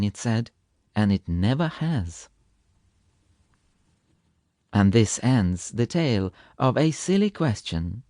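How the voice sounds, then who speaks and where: A male audiobook narrator reading storybook tales with a very lively, animated pitch and a gently playful manner. His mid-range voice sits close and dry, with no room sound. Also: unhurried, no room sound.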